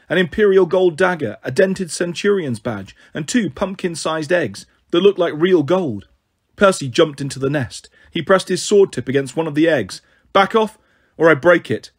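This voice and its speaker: A man reading a novel aloud as a narrator, in a steady, even storytelling manner. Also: on the high side, slightly rough. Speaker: audiobook narrator.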